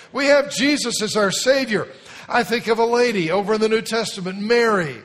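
A man's voice: high-pitched, a bit bright, in a large hall. A man preaching a sermon as pastor of a church, speaking emphatically and leading the congregation to repeat phrases after him. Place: church sanctuary.

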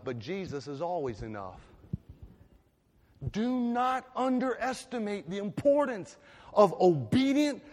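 A man preaching a sermon as pastor, building into loud, impassioned, repeated declarations. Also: high-pitched. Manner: impassioned preaching that swells to loud emphatic repetition. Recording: long reverb of a large hall.

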